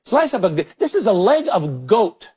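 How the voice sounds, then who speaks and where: A man's voice: high-pitched, big pitch swings, normal speed, mellow, husky. A middle-aged man hosting a cooking show in a studio kitchen, chatting enthusiastically as he demonstrates dishes to the camera. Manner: chatty and enthusiastic, exclaiming over the food. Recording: 1980s television broadcast.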